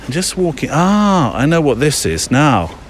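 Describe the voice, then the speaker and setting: Unhurried and sing-song, a man's higher-pitched voice carries a little hiss or hum. He hosts a podcast while wandering through woodland, rambling casually with frequent fillers.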